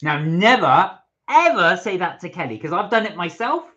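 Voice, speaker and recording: A man's voice: high-pitched, big pitch swings, moderate pace, pushed and bright, muffled recording. A man co-hosting a casual live stream, chiming in with teasing asides from off-mic. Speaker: co-host.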